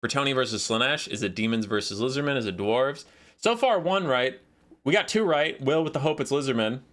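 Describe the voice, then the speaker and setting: A man casting a live strategy game match, calling the action in quick play-by-play and joking with his chat. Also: medium pitch, a bit bright. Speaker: esports caster.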